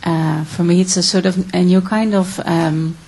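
A woman from the Netherlands asking a question from the floor, earnest, emotional and halting. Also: on the low side, fairly even intonation, mellow, a little hiss or hum, low-quality recording. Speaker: audience questioner.

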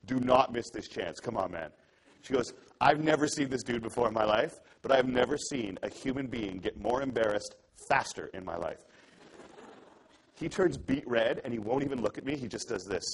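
A man's voice: medium pitch, moderate pace, slight background noise, low-quality recording. A young adult man giving an earnest, conversational talk to an audience, telling a story and acting out the dialogue in it. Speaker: public speaker.

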